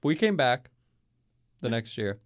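A man's voice: medium pitch, sing-song, a little slow. A young man from Kentucky, a college student guest, telling stories in a casual interview with lots of fillers. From Kentucky, USA. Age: young adult. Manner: chatty, storytelling, many fillers.

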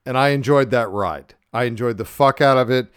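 Podcast host, excitable profane ranting, smooth tone, mid pitch, dry close sound. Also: male voice, brisk, no echo. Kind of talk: casual podcast chat.

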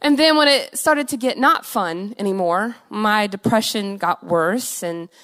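A young woman giving an earnest, emotional testimony sermon, her voice swinging between soft and loud, with laughs between phrases. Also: medium pitch, measured pace.

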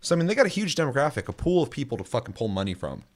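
A man in casual gaming talk, his pitch jumping all over as he rants and swears. He keeps slipping into quick mock voices for the people he quotes. He sounds loose, worked up and playful. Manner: animated, swears a lot, acts out quoted voices. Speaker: podcast co-host.

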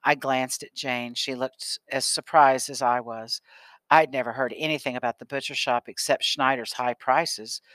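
A man narrating a first-person children's novel as an audiobook, in a calm storytelling manner. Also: medium pitch, no room sound. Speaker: audiobook reader.

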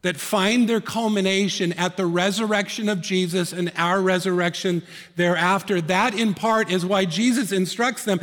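A male pastor preaching a sermon, earnest, dropping to soft hushed tones and rising to emphatic peaks. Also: high-pitched, normal speed, in a large hall.

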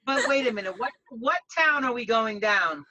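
A woman with a Bronx accent, a dog groomer guest chatting playfully and loudly over a video call, laughing often. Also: on the high side, expressive, normal speed, a little hiss or hum, low-quality recording. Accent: Bronx New York. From the Bronx, New York.

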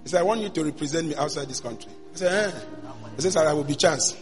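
Pastor preaching in a reverberant hall. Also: male voice, a little high, fast. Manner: storytelling sermon, swings from hushed to shouting. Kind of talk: sermon. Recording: long hall reverb with faint music.

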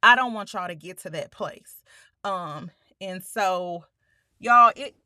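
Bright, slow-spoken woman telling her story. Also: medium pitch, no echo, clean studio sound. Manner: emphatic, addresses listeners as y'all, frequent swearing. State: holding back tears. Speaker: podcast host. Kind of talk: personal storytelling monologue.

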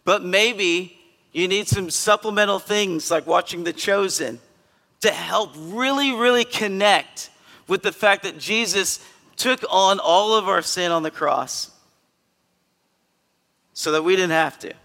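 A male pastor giving a conversational sermon in a church, earnest and emphatic, with sudden loud bursts. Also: high-pitched, measured pace, creaky, in a large hall. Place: church sanctuary.

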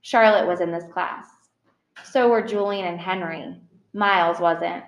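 A woman's voice: on the low side, measured pace, lo-fi sound. A woman narrating an audiobook in the first person, plain and earnest. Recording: roomy echo.

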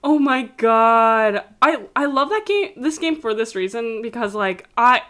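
A woman in casual conversation, chatty and animated, her pitch jumping up when she gets excited. She tells stories with lots of fillers and laughs easily. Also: normal speed. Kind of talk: casual chat.

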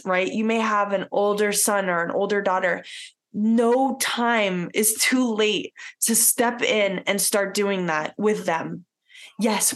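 A woman co-hosting a podcast, talking in an earnest, heartfelt casual chat with many "like" fillers. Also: medium pitch. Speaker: podcast co-host.

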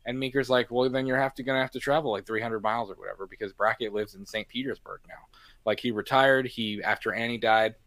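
A man's voice: mid-range voice, quick pace, no echo. A young man co-hosting a podcast, talking casually about a movie and acting out quotes from its scenes. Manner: animated, acts out quotes from scenes. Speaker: podcast co-host.

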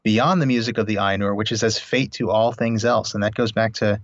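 A man's voice: on the low side, fairly even intonation, a little fast, no echo. Cohost guy musing about a book, mid voice, dry and kinda muffled. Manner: engaged, agreeable, musing. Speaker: podcast co-host. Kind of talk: casual book discussion.

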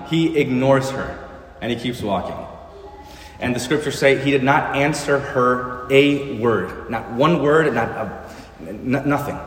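A male pastor delivers an earnest sermon and leans on rhetorical questions. His voice rings through a roomy church with a long reverb tail, and a faint hum of ambience sits underneath. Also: mid-range voice.

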